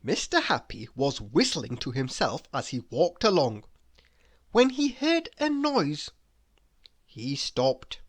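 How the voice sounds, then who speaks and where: Woman reading a children's story aloud, very slow, lively sing-song pitch, teasing asides. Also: slightly rough. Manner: playful, teasing asides to the listener.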